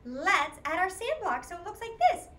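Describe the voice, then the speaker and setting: Very high and expressive at a moderate pace, this Midwestern American woman's voice guides little kids through an interactive music class with encouraging sing-song talk and animal songs. There's background noise, an echoey room, and faint ambience.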